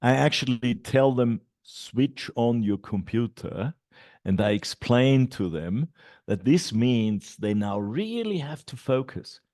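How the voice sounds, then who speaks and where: Middle-aged male teacher trainer, unhurried and explanatory, with a lively, rising and falling pitch. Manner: explains classroom steps slowly, with many fillers and repeated et ceteras. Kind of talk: online teacher training talk.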